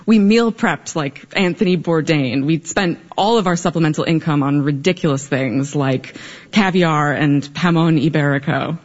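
A young adult woman telling a personal story to a live audience, animated, with big swings in pitch and emphasis. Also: normal speed, muffled recording. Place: live stage event.

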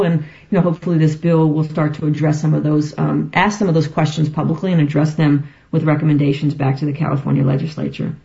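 A woman's voice: low voice, dark tone, muffled recording. A woman guest on a radio talk show, speaking earnestly with many ums. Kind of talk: radio interview.

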